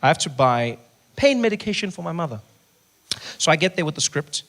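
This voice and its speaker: A man doing stand-up comedy, telling stories with animated delivery and putting on voices. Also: a little high, brisk. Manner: animated storytelling, acts out voices.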